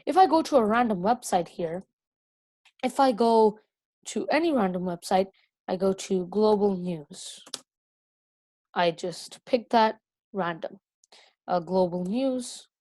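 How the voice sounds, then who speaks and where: A woman's voice: medium pitch, mellow, no room sound. A woman gives a casual coding lesson over a screen recording, rambling with lots of fillers and self-corrections. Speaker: coding tutor.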